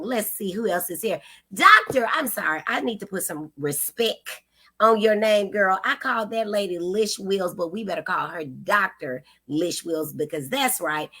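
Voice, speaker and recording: A woman's voice: mid-range voice, fairly bright tone. A woman hosting a casual livestream, effusively greeting viewers by name and calling them honey and girl. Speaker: livestream host.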